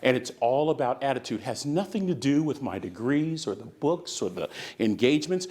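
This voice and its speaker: A man's voice: mid-range voice, darkish tone. A man from the San Francisco Bay Area giving a motivational keynote to a live conference audience, preaching with call-and-response. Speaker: motivational speaker.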